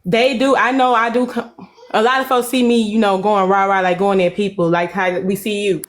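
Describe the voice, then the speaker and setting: A woman's voice: mid-range voice, fairly even intonation, normal speed. Blunt confrontational woman on a live stream. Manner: blunt, confrontational, casual slang. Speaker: livestream guest. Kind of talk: heated live-stream argument. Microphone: phone.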